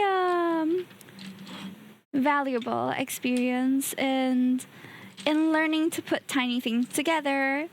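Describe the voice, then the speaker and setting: A woman streamer chatting casually and easily while building a kit at her home desk, often laughing softly. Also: high-pitched.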